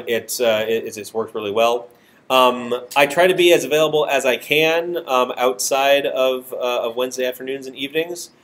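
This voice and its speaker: A man's mid-range, fairly bright, nasal voice fills a hard-walled classroom as he gives a casual university programming lecture. He restarts often, leans on fillers, and makes self-deprecating asides.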